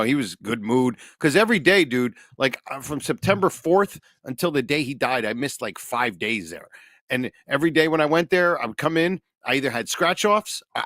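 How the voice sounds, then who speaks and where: A man of ordinary pitch tells a personal story on a casual podcast. He pauses often and gropes for words. The recording is dry and close. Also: fairly bright tone, no room sound. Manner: halting storyteller, searches for words. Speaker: podcast co-host. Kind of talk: casual chat.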